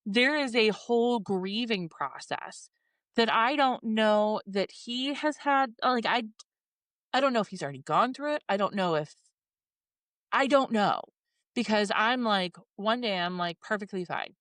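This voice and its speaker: A woman's voice: mid-range voice, animated, unhurried, a bit bright, no echo. A woman in her forties talking candidly and emotionally, swearing and acting out her own inner thoughts in a podcast chat. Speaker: podcast co-host.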